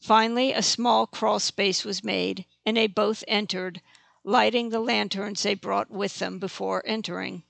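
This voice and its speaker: An audiobook narrator giving steady, plain scripted narration of a fantasy story. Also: medium pitch, unhurried, gravelly, no room sound.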